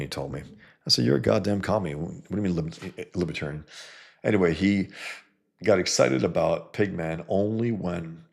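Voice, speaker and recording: A man's voice: extremely low pitch, gravelly. A man rambling bluntly and with strong opinions in a casual monologue as a comic book reviewer and cartoonist, often trailing off with fillers.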